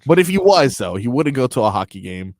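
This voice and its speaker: A male sports radio co-host speaks with an animated, up-and-down pitch and gets excited and emphatic. He laughs a lot, and his voice sounds dry and close to the mic. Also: brisk, no room sound. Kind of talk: casual sports talk.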